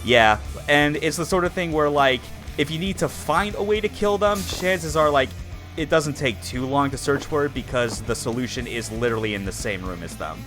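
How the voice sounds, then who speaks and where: A man's voice: fairly high pitch, normal speed, a bit bright. A man hosting a let's play, chatting casually in a rambling way, with lots of filler words and frequent laughs. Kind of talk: casual gameplay commentary. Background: game music.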